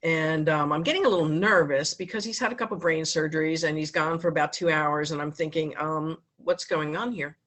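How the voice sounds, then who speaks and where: A woman in her fifties giving a heartfelt speech at a club meeting, telling a personal story with pauses and restarts. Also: low-pitched, fairly even intonation, fairly bright tone. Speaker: foundation speaker at a club meeting.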